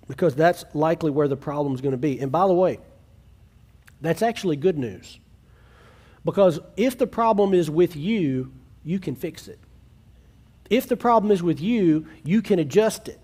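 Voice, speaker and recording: Male pastor, slightly raised pitch, conversational sermon delivery, restarts, plays out little quoted dialogues. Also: darkish tone. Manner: earnest, conversational preaching with frequent restarts; acts out quoted family dialogue.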